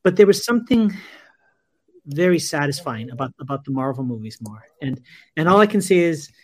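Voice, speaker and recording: A man's voice: a little high, sing-song, a little fast. A man co-hosting a casual podcast, joking around and often restarting his sentences. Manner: joking, self-interrupting. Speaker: podcast co-host. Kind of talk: casual chat.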